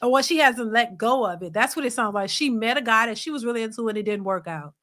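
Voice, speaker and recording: A woman's voice: fairly high pitch, fast talker. Chatty woman reacting to a clip. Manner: chatty, animated, reads out viewer comments, laughs often. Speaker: reaction channel host. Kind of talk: casual commentary reacting to a clip.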